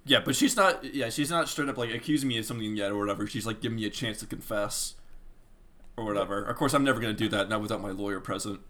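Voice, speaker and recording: A young man co-hosting a podcast, telling a long story in casual chat, animated, with lots of fillers and acted-out quotes. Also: fairly low pitch, fast.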